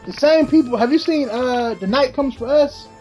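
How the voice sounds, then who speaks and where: A game streamer chatting casually and telling stories in an animated, rambling way, with lots of slang and swearing. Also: sits high, normal speed, music in the background, rough recording. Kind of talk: casual chat while streaming.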